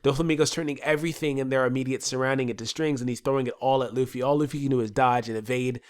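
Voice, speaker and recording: A man's voice: medium pitch, steady tone, racing, smooth. A man with a stuffy nose giving a casual solo episode review, rambling and swearing freely.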